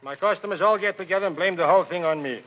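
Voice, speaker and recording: A man's voice: high voice, rapid-fire. An actor playing a bumbling male restaurant owner who speaks comic broken English with mangled grammar, in a 1940s radio comedy. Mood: deadpan. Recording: noisy, dull old radio broadcast.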